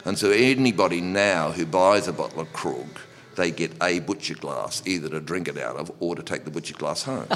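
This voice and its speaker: Deep-voiced man, rambling and chuckly. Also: a little fast, fairly bright tone, soft background music. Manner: rambling, repeats words and restarts, laughs often. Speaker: pub owner, guest. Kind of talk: relaxed storytelling. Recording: long reverb.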